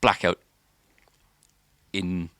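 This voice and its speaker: A man's voice: deep voice, flat delivery, drawn-out words, fairly bright tone, dry recording. A man, a podcast co-host, telling a long story in casual chat, rambling with restarts and filler words.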